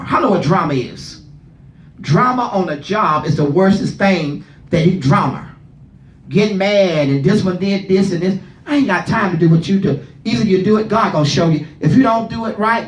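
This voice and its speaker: Man, pastor, high pitch, fervent preaching, questions to the room, echoey hall. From not from Philadelphia. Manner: fervent, asks the room questions, repeats words. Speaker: pastor leading Bible study. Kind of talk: preaching at a Bible study.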